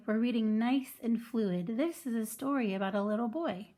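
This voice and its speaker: A woman teaching first grade in an online video lesson, clear and patient as she explains step by step. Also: fairly high pitch, moderate pace, mellow.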